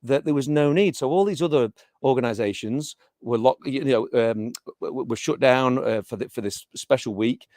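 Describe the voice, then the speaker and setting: A middle-aged man talks casually in an interview, stopping and restarting his sentences often. His voice sits at an ordinary pitch. The sound is dry and close, with no room echo. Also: moderate pace, darkish tone. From England. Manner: hesitant, many restarts and fillers. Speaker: interviewee, teacher.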